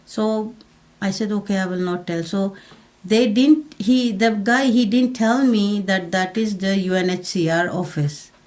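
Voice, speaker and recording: A woman from Pakistan tells her own story in an interview, talking plainly and haltingly, with frequent restarts. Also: mid-range voice, darkish tone. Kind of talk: personal story told in an interview.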